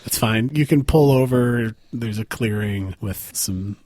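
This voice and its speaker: A man running a tabletop game as game master, narrating scenes in a halting way with many restarts. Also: fairly low pitch, darkish tone, no echo, studio quality. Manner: halting, full of fillers and restarts.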